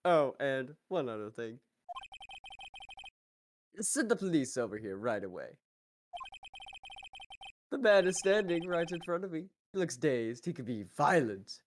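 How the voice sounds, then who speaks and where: A man's voice: fairly high pitch, very animated, unhurried, long pauses, slight background noise. Man doing a pompous villain with a British accent. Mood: grandiose. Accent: put-on British. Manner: grandiose, smug, theatrical. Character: pompous villainous rich businessman. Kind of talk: fan voice-over of a game.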